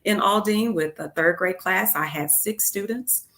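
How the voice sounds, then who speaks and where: A woman's voice: mid-range voice, a little slow, fairly bright tone. A middle-aged woman, an education leader interviewed as a guest, telling earnest stories with frequent ums and uhs. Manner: earnest, many fillers like um and uh. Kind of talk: interview storytelling.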